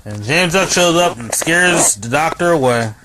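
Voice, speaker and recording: A man's voice: on the high side, moderate pace, background noise. A man hosting a casual live stream, reading viewers' comments aloud and joking around. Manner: lively, reads viewer comments aloud, jokey. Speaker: host.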